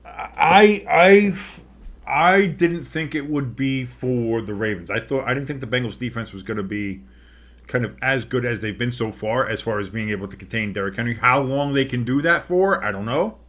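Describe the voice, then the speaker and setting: A man's voice: medium pitch, a little fast, a bit bright. Man calling live football play-by-play. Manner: rambling, swears, restarts his sentences. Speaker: play-by-play commentator. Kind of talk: casual live play-by-play commentary.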